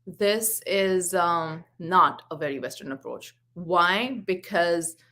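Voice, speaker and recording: Woman in her 40s coaching parents, earnest, tells stories, acts out the back and forth. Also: mid-range voice. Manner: earnest, storytelling with acted quotes. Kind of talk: live parenting talk.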